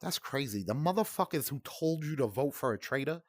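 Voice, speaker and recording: A man's voice: medium pitch, lively intonation, brisk, no room sound, studio quality. A man in his forties hosting a gaming channel, ranting in profane, heated, rambling commentary. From United States.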